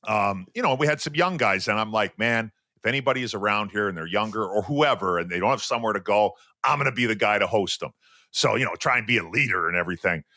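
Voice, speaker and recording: A man's voice: fairly low pitch, fast, no room sound, studio quality. A man in his forties from Western Canada, a former hockey player and podcast co-host, telling stories casually and acting out quotes. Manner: animated storyteller, acts out quotes. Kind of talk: casual storytelling.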